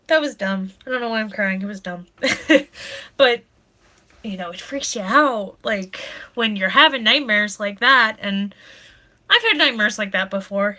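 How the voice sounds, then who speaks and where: Young woman streamer rambling to chat, bright clear voice, laughs a lot, kinda teary. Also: fairly high pitch, lively intonation, unhurried. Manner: rambling, laughs often, tearful at times. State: pregnant. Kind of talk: casual chat with live chat.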